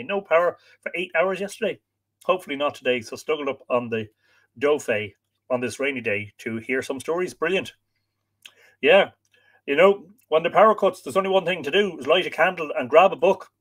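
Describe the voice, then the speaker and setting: Irish male stream host, slightly higher voice, easygoing chat, reads viewer names aloud and trips on a few. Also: a bit bright. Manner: friendly, chatty, stumbles over names. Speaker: livestream host. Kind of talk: casual chat, greeting viewers.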